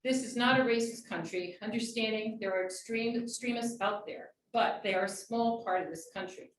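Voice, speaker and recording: A woman's voice: fairly high pitch, moderate pace. Lady reading her comment at a school board meeting, earnest, kinda far off, roomy echo. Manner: earnest, reading prepared remarks, then chatty. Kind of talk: public comment speech. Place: large meeting room. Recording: echoey room, distant mic, faint noise.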